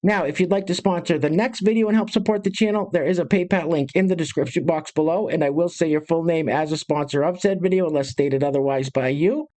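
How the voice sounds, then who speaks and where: Host: a man, brisk and sarcastic, casual commentary to camera. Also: on the high side, warm tone. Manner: brisk, sarcastic, addresses viewers directly.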